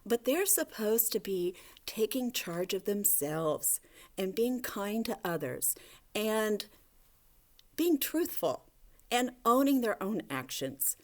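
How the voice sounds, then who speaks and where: A woman teacher giving a gentle, coaxing video lesson to young children, talking to a puppet. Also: mid-range voice, big pitch swings, takes it slowly. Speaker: elementary school teacher.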